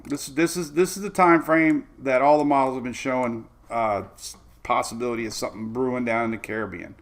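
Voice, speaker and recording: A man's voice: mid-range voice, a little fast. A man hosting a casual weather talk, walking loosely through forecast maps with playful asides and plenty of fillers. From Florida. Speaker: weather host.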